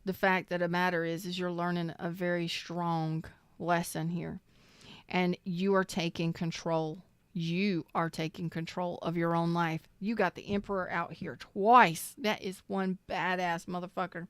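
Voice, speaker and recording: A woman reads tarot live in a loose, emphatic way, swearing freely and preaching at her viewers. Her voice is smooth and clear. It sounds dry and close, with no room around it. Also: on the low side, flat delivery, unhurried, a bit bright, no echo. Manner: emotional, close to tears. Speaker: tarot reader.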